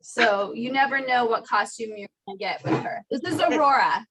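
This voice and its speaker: A woman's voice: fairly high pitch, moderate pace, fairly bright tone, a little hiss or hum, poor audio. A mother on a video call, amused as she explains her child's costume. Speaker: participant, mother. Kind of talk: casual chat on a video call.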